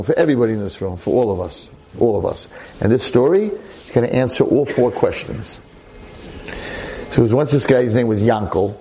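A man's voice: medium pitch, fairly quick, slight background noise, rough recording. A male rabbi telling a story in a sermon to a room of boys, acting out every voice. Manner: animated, acts out every voice.

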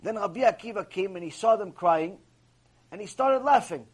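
A man's voice: high voice, animated, normal speed, breathy edge. A man giving a mussar lecture as a Torah teacher. He is emphatic, repeats himself and asks many rhetorical questions.

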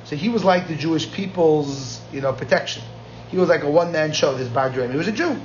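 A man's voice: a little high, animated, fast talker, lo-fi sound, a little hiss or hum. A man teaching a Talmud class, telling the story with energy and switching between Aramaic quotes and plain English. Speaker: Talmud lecturer.

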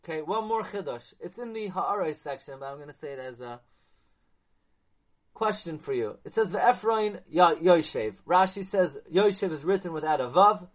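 A man giving a Torah class lecture, animated, asking his listeners questions and mixing Hebrew and Yiddish terms into his English. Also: a little high, normal speed. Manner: animated, asks the audience questions. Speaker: Torah teacher.

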